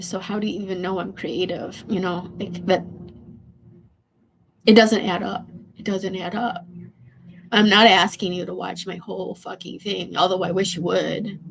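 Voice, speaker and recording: A woman livestreaming an emotional rant. Her voice is tearful, shaky and a bit hoarse, and she stammers, repeats herself and swears bluntly. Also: medium pitch. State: hoarse from losing voice. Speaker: livestream host.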